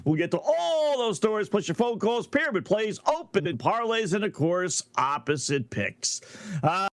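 A man's voice: sits high, big pitch swings, moderate pace, no echo. A middle-aged man hosting a sports betting radio show, talking in a brash, sarcastic, rambling monologue.

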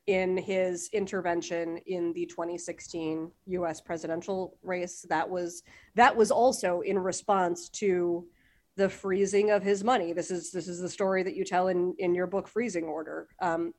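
A woman co-hosts an interview and puts questions to the guest. She reacts to his answers as she goes. Her voice is at an ordinary middle pitch. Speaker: podcast co-host.

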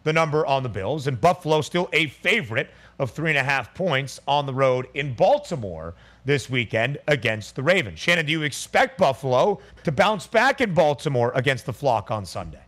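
A man hosting a sports betting radio show, briskly rattling off odds and numbers. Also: mid-range voice, very animated, fairly bright tone.

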